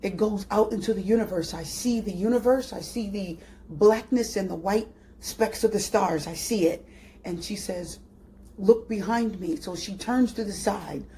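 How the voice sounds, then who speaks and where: A woman narrating a guided spiritual meditation. Her voice is mellow and dark-toned, at a middle pitch. She speaks slowly and dreamily, and she often repeats her phrases. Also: a little hiss or hum. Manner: slow, dreamy and soft-spoken, with repetitions. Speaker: tarot reader.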